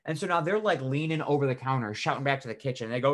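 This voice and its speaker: A man co-hosting a podcast, telling a story in animated casual chat, swearing freely and saying "like" a lot. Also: mid-range voice, fast. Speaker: podcast co-host.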